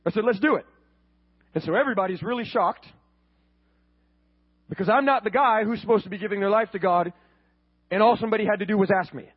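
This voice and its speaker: A man's voice: high-pitched, fast, pauses often, husky, muffled recording. A man telling his faith testimony as a sermon, earnest and storytelling, often repeating words.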